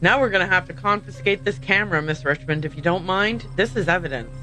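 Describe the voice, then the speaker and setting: A woman voicing a serious, curt male deputy who speaks in a flat, official manner. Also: lowish voice, fast talker, music in the background, pitched below the performer's own voice, close to an everyday voice. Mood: stern.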